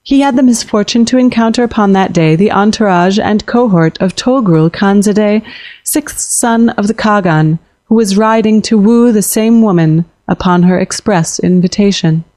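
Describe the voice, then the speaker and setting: A woman's voice: mid-range voice, normal speed, dark tone, no room sound. Woman reading fantasy fiction, dry and close. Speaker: narrator. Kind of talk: scripted narration of fantasy fiction.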